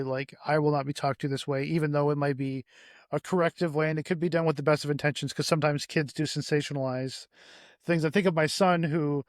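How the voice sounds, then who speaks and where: Enthusiastic man with a higher voice. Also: no room sound, studio quality. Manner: enthusiastic, halting, restarts long questions. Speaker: podcast host. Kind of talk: casual podcast interview.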